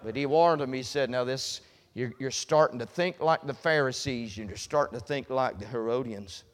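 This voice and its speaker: Preacher man with soaring, shouted emphasis. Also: mid-range voice, moderate pace, long reverb tail. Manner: swings from quiet asides to loud shouted emphasis. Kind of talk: sermon.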